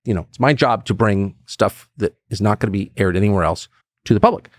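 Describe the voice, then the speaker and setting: A man's voice: fairly low pitch, a little fast, dry recording. A middle-aged man, a political commentator, talking bluntly and emphatically in a podcast conversation, acting out the voices he quotes. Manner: blunt, swears.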